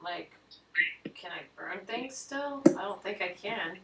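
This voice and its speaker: A woman's voice: medium pitch, expressive, slow, echoey room, distant mic, a little hiss or hum, rough recording. A woman playing a tabletop game, speaking casually and tentatively as she thinks through her moves aloud. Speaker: player.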